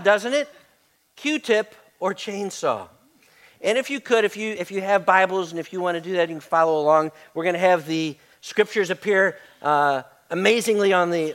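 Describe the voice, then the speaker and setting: High-voiced pastor giving a sermon. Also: male voice. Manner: conversational, repeats words, varies loudness widely. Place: church sanctuary.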